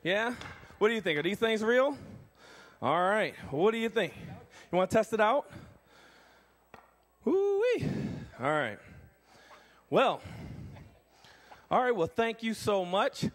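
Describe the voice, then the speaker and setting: With a high-pitched voice and a slightly slow delivery, a man performs a strength ministry demonstration on a church stage. He's energetic throughout, getting the audience and the kids going.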